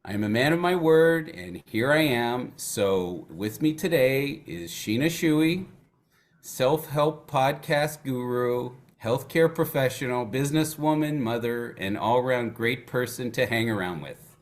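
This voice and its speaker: A man's voice: mid-range voice, a little slow. A man hosting a podcast episode in a jokey, upbeat way and laughing often. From Canada. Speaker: guest host.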